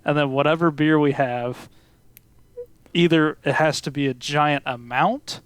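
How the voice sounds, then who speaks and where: Male podcast co-host, laid-back banter, smooth voice, dry close sound. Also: a little high, a little slow, dry recording. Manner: relaxed, joking, trails off quietly. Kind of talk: casual podcast chat.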